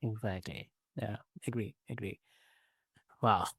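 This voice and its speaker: A man's voice: fairly low pitch, takes it slowly, fairly bright tone, breathy edge, no room sound. Man host with a dry, close sound. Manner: hesitant, many fillers, affirming. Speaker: podcast host. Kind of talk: interview.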